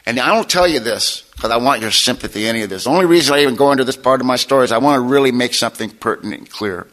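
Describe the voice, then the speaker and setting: A man with a bright, forceful voice gives his personal testimony to a meeting. He speaks plainly and informally, in a folksy storyteller's way with touches of wry humor. He sounds middle-aged, like someone who has talked to rooms of people before. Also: mid-range voice, lively intonation, racing, rough recording.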